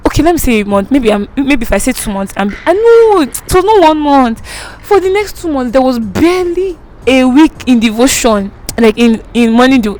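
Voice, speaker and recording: Animated Nigerian woman telling a story. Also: on the high side, rough recording. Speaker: vlogger. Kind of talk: storytime vlog.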